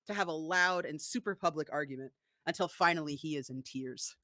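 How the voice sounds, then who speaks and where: A woman narrating an improvised story in a casual, lively way. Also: deep voice, brisk, no echo, studio quality.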